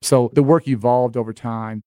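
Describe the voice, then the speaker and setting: A middle-aged man, a guest in an interview, talking in a measured, earnest way about his work in schools. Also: mid-range voice, steady tone, loud music behind the voice. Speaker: interview guest, education leader. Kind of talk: conversational interview.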